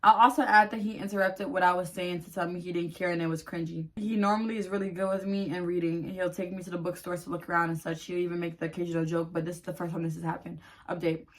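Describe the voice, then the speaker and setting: A woman creator reading online posts aloud in a quieter voice, then cutting in with blunt, profane outbursts. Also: fairly low pitch, flat delivery, fast talker, hardly any pauses.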